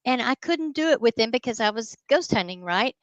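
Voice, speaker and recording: A woman, a guest ghost hunter telling a story in casual, animated talk. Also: a little high, a little fast, no echo, highs cut off. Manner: animated, addresses listeners as y'all.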